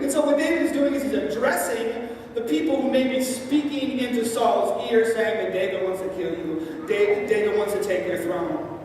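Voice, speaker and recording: A high-voiced woman preaches to a congregation, recounting a story with casual, playful asides. She is heard from a distance in a big, echoing church hall with a long reverb tail. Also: moderate pace, darkish tone, slight background noise. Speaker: pastor. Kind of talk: sermon. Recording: echoey hall from far off.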